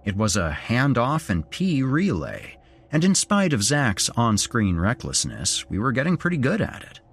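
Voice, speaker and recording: A man's voice: mid-range voice, huge pitch swings, unhurried, breathy edge. A man narrating a first-person horror story as a podcast host, telling it expressively.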